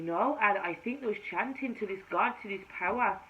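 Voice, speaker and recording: A woman with a Jamaican-tinged accent, a tarot reader, telling her spiritual testimony to camera in an emphatic storytelling manner, swinging between hushed and loud. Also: medium pitch, a little fast, slight background noise. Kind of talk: personal testimony told to camera. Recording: slightly dull recording with faint room ambience.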